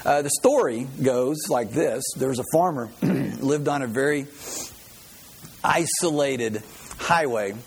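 A man's voice: mid-range voice, takes it slowly, vocal fry, breathy edge. A man preaching a sermon as pastor, a folksy, joking storyteller who greets visitors and tells a funny story before his message.

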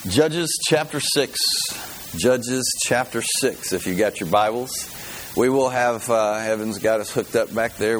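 A man's voice: mid-range voice, a little hiss or hum, rough recording. A man preaching a sermon, talking in a folksy, conversational way and telling jokes along the way. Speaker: pastor.

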